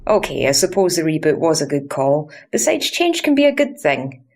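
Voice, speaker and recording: A woman's voice: sits low, big pitch swings, moderate pace, darkish tone. A young Scottish woman narrating a scripted video game review in a sarcastic, crude and cheeky way.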